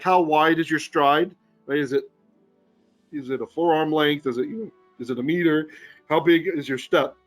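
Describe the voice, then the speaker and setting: A man teaching a live scripture lesson in a fairly high voice, animated and joking with his audience. He keeps checking in with his listeners as he explains, and faint music sits under his talk. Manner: animated, jokey teaching with frequent "right?" asides. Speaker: rabbi teaching Torah. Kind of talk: live-streamed Bible lesson. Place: Philippines.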